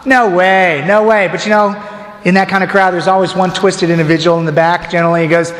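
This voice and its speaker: Male deacon, animated storyteller, high pitch, reverberant church hall. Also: fast talker. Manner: animated, acts out crowd voices. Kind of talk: storytelling sermon.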